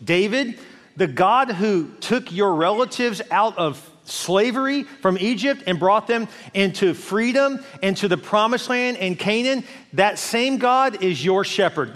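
A man who is a senior pastor, preaching a sermon in a church with animated delivery, acting out people's inner voices. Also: high voice. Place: large church hall. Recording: long hall reverb.

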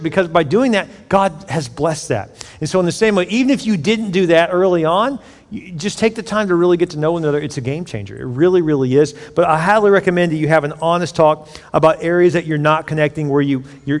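A man preaching a sermon as pastor, conversational and joking, with sudden emphatic bursts. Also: on the high side. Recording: echoey hall.

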